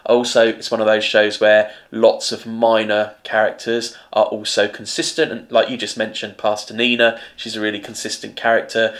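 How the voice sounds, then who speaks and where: A man with a low-pitched voice, co-hosting a relaxed discussion of television. He talks thoughtfully and weighs each point as he makes it. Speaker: podcast co-host. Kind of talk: casual chat about TV.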